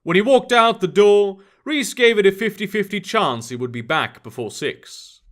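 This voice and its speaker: A man narrating an urban fantasy story in an expressive scripted reading. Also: high voice, moderate pace.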